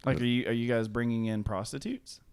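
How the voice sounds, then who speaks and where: A man's voice: mid-range voice, steady tone, fairly quick, darkish tone, smooth. A man with an ordinary mid-range voice, teasing his co-host. He trades profane jokes in a loose podcast chat. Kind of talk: casual chat.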